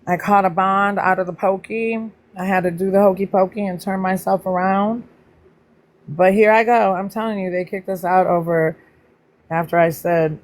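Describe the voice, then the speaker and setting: A chatty woman hosts a casual livestream and talks straight to her viewers. She greets people by name in a voice that leaps up high, then drops back down to relaxed, playful teasing. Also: moderate pace. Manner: pitch jumps up high when greeting people. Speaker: livestream host.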